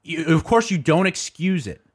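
A man's voice: a little high, expressive, normal speed, slightly rough. A man co-hosting a podcast in casual chat, crude and boisterous, laughing often. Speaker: podcast co-host.

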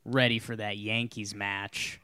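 Male podcast co-host, casual banter, smooth clear voice, dry close sound. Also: on the low side, level tone, unhurried, bright, forceful tone, dry recording. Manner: jokey, riffing, acts out little scenes. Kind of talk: casual chat.

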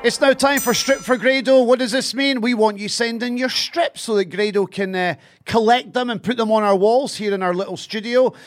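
A man's voice: extremely high pitch, moderate pace, hardly any pauses, faint music behind. A Scottish man hosting a football podcast, upbeat and teasing as he leads the segments. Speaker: podcast host.

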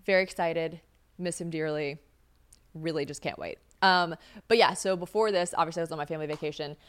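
Speaking fairly quickly in a clear, resonant voice that sits low, a young podcast host from the US chats casually. She curses, laughs a lot, and imitates the voices of the people she quotes.

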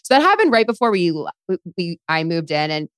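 A woman's voice: fairly low pitch, sing-song, brisk, fairly bright tone, clean tone, no room sound, studio quality. A woman chatting candidly and laughing, with lots of fillers, in a casual podcast conversation.

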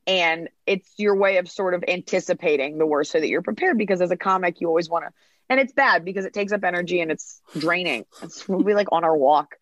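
A woman comedian, a guest on a podcast, telling stories in an animated way and acting out bits of dialogue. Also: lowish voice, a little fast, no echo, lo-fi sound. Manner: animated storytelling, acts out dialogue. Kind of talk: podcast interview.

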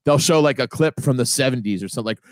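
A man co-hosting a podcast, telling funny family stories in a casual, animated way and often doing loud impressions of his father. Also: medium pitch, rapid-fire, no room sound, clean studio sound. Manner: animated storyteller, mimics his dad in loud bursts. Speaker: podcast co-host. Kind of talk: casual comedic chat.

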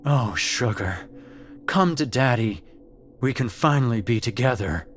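A man voicing a dead father's baritone voice speaking through a possessed woman, coaxing and tender but sinister. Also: animated, a little slow, a little hiss or hum, close to an everyday voice.

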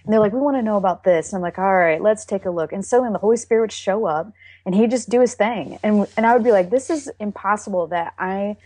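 A woman's voice: mid-range voice, dark tone, breathy edge, dry recording. Earnest Texas woman sharing her testimony. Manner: earnest and emotional, with halting restarts. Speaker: interview guest. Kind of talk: candid faith testimony.

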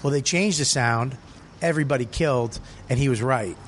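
A man, a comedian hosting a podcast, telling a story in casual, profane, animated chat from a cigar lounge. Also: mid-range voice, normal speed, a little hiss or hum. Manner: profane, animated, acts out quoted people. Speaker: podcast host.

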